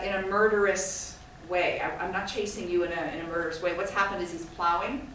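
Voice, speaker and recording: A woman's voice: lowish voice, level tone, brisk, hardly any pauses, fairly bright tone. A woman from Scotland giving an informal, digressive talk to an audience, chatty and self-deprecating. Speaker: guest speaker. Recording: echoey hall from far off, faint noise.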